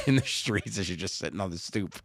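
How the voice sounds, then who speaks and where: New guy in his 40s telling stories on a podcast, laughs a lot, lowish voice, dry close mic. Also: big pitch swings, normal speed, fairly bright tone, slightly rough, no room sound. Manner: laughs often while telling stories, acts out quoted voices. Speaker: podcast co-host. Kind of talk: casual chat, storytelling.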